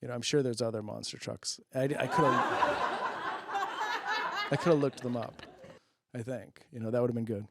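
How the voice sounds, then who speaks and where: A man's voice: mid-range voice, steady tone, moderate pace, creaky, long pauses, very noisy. Rambling, self-mocking comedy host, man. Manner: self-deprecating, laughs at own jokes, checks if jokes land; loose, rambling, many fillers. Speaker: host of a public-access comedy show. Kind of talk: rambling comic monologue.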